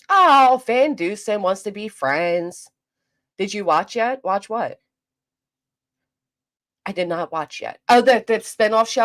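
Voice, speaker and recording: A woman with a South Jersey accent hosting a casual livestream, chatting with viewers and reading comments in a fast, clipped, profane, teasing way. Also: mid-range voice. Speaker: livestream host.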